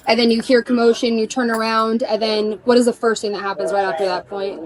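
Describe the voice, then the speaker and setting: A woman police officer taking a statement with brisk, methodical questions on a body camera. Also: fairly high pitch, flat delivery, crowd noise.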